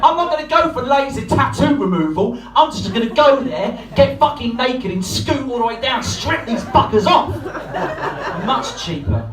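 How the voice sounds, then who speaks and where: A man doing a stand-up comedy set, swearing freely and shouting out voices for his punchlines. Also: very high-pitched, animated, normal speed, hardly any pauses. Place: comedy club stage. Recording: echoey room, from far off. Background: laughing audience.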